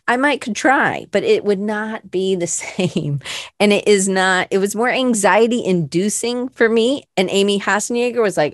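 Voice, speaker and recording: A woman talks on her live show in a loose, rambling way, full of ums and self-deprecating asides. Her voice sits a bit low. The sound is close and dry, with no room to it. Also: a little slow, no echo. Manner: rambling, chatty, self-deprecating, many fillers. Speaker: host of a weekly live creative show. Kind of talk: casual chat.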